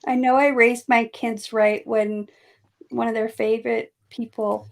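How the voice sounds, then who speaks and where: A woman's voice: on the high side, little pitch movement, a little slow, vocal fry, low-quality recording. A middle-aged woman chatting casually as she makes art on a live stream, laughing often and poking fun at herself. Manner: chatty, laughs often, self-mocking asides. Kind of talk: casual chat while making art.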